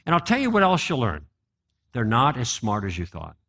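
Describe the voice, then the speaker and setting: With a medium pitch, huge pitch swings and a bright, forceful tone, a man delivers a conversational apologetics talk at normal speed. He regularly poses questions to the live audience in front of him.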